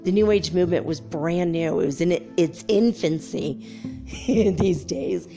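Candid storytelling woman, low voice. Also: measured pace, vocal fry, over music. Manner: candid and animated, laughs often, acts out quotes. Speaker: spiritual storyteller. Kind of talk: casual spoken storytelling.

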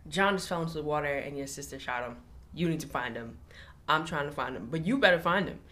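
A woman's voice: deep voice, animated, fast talker, fairly bright tone. A woman co-hosting a podcast, retelling a TV episode's plot step by step in casual chat, with blunt opinionated asides. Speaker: podcast co-host.

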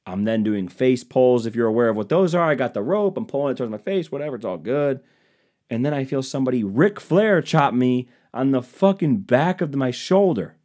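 A man's voice: medium pitch, animated, a little fast, a little mellow. A young man hosting a podcast who tells comic stories in a casual, profane, self-deprecating way. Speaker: podcast host. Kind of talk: comedic storytelling monologue.

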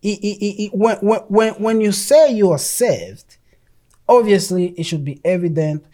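Preacher giving a sermon, middle pitch, keeps restarting and repeating words, emphatic. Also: expressive, measured pace, warm tone. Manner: reads passages aloud from an article and scripture.

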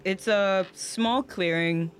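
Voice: medium pitch, slow pace, a bit bright. A game master narrating a tabletop game in a loose, rambling way with many fillers.

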